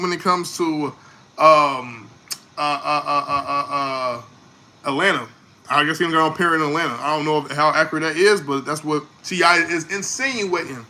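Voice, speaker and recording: A man hosting a casual music reaction, talking in an animated way, repeating words and trailing off into fillers. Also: on the high side, a little fast.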